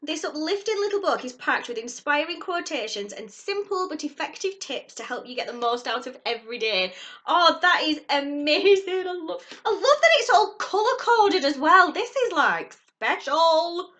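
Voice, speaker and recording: A woman vlogging a subscription box unboxing in casual chat, gushing and excitable. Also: sits high, normal speed. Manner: gushing and excitable, squeals at surprises.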